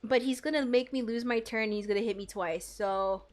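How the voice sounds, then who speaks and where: A young woman streaming herself playing a game, chatting casually and playfully, swinging from loud outbursts to quiet mumbles. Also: fairly high pitch, a little fast. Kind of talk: casual gameplay commentary. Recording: faint game music behind.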